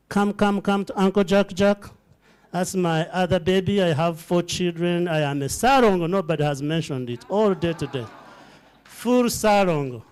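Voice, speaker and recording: A man's voice: high-pitched, darkish tone, clear, resonant tone. A middle-aged man giving an emotional fundraising speech to a live audience in an event hall. He talks like a preacher, calls out to the crowd directly and builds to fervent peaks. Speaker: charity founder addressing donors.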